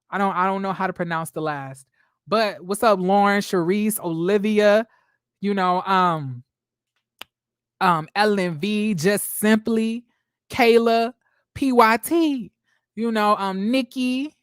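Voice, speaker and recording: Woman, late twenties, livestream host; sassy, chatty, mid pitch, dry close mic. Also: clear, resonant tone, no room sound. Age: 20s. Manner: chatty, greeting viewers by name, sassy asides. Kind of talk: casual livestream commentary.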